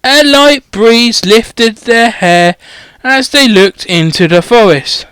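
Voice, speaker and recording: A man narrating a comic parody audiobook, in a slow deadpan read with muttered asides. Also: extremely high pitch, clear, resonant tone, no room sound.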